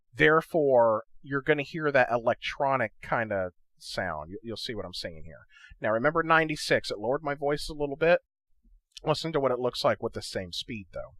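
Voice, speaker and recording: A man talks viewers through his audio editing in a loose, conversational tutorial. His voice sits at an ordinary middle pitch and keeps nudging the viewer with "okay?" and "right?". The recording is dry, with no room sound. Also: fairly bright tone, no room sound. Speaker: gaming channel host teaching audio editing. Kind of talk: casual screen-recorded tutorial.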